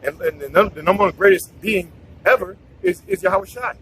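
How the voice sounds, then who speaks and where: Brief: high, bright male bible teacher, stop-start preachy delivery, faint traffic behind. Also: wildly swooping pitch, fairly quick, gravelly, poor audio. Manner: preachy, repeats words, many restarts. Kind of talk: casual scripture talk.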